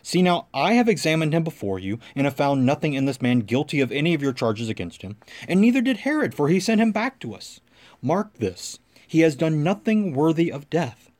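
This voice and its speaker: A man's voice: fairly high pitch, very animated, brisk, a little mellow. A man reading the part of an uneasy Roman governor, pressing and questioning earnestly. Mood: pleading.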